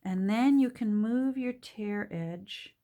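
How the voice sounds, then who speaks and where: A woman's voice: mid-range voice, takes it slowly, warm tone. A woman from Canada with a Canadian accent, chatting casually and musing aloud to herself while she works on a craft project. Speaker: junk journal crafter.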